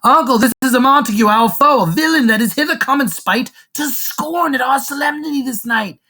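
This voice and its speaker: A man voicing a hot-tempered young swordsman, shouting in outrage as he retells a play in his own slangy words. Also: very high-pitched, a little fast, voice pushed up, full character voice. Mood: enraged.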